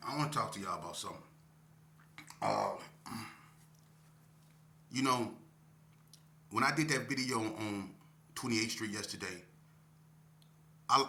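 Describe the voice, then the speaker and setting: A man in his fifties talking casually to the camera. He is reflective and unhurried, peppers his talk with "man," and speaks to viewers as y'all. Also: lowish voice, pushed and bright, echoey room. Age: 50s. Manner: reflective, drawn-out, often ends phrases with "man" and addresses viewers as y'all. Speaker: vlogger.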